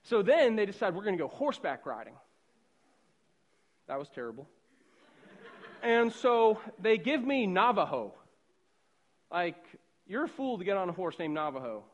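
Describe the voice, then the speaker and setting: Male preacher, middle-aged, high voice, from the Boston suburbs, chatty storytelling sermon, hushed then loud. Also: moderate pace, pauses often, highs cut off. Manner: animated, conversational storyteller, swings from hushed to loud.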